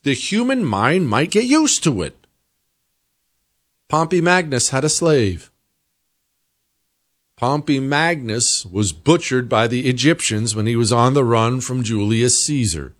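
An American man hosting a talk show, delivering an emphatic opinion monologue that climbs into high-pitched exasperation. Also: expressive, slow, pauses often. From United States. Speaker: political talk show host.

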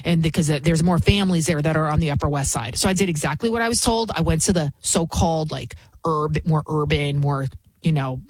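A woman's voice: low voice, a little fast, a little mellow, husky, dry recording, rough recording. A woman giving opinionated political commentary, emphatic and mocking, firing off rhetorical questions. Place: New York City.

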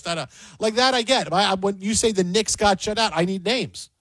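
This man talks high in his range, and the sound is close and dry. He's a sports talk host on a roll, telling stories and ranting in loose banter with his co-hosts. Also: a little fast, few pauses, dry recording. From Detroit area. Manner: animated, ranting storyteller.

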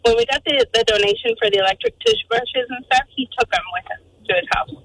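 A woman calling in to a radio show, telling a story with lively quoted voices. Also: on the high side, fast, slight background noise, low-quality recording. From Arizona, USA. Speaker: caller.

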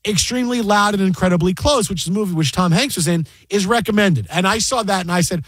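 A man co-hosting a casual talk show, telling an animated story, repeating phrases and laughing often. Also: sits high, fast, few pauses, dry recording. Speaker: podcast co-host. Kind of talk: casual chat.

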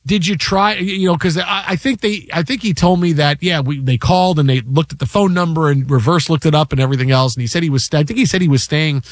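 A male sports show host telling a story in a casual, animated way, acting out what people said. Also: a little high, fast talker, hardly any pauses, no room sound, studio quality. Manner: animated, acts out quotes.

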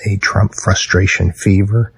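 Male radio caller, deadpan, very deep and gravelly, husky. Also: a little slow, no echo, low-quality recording. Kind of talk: phoned-in call.

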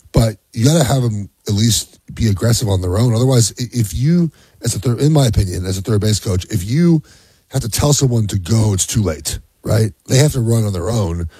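A man who coaches youth teams and is a father, chatting casually and acting out conversations with lively laughs. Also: on the low side, breathy edge, no room sound. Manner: animated storytelling, acts out dialogue, laughs often. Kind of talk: casual podcast chat.

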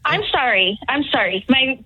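A woman's voice: high-pitched, lively intonation, moderate pace, dull audio. A woman calling in to a radio show, sounding sheepish and laughing as she chats. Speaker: caller. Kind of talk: phone-in chat.

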